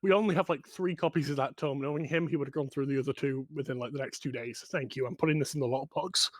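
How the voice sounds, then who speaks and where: A man's voice: medium pitch, fairly even intonation, fast, no echo, close to an everyday voice. A man doing a harried, grateful librarian. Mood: relieved. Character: harried librarian relieved to save a rare book.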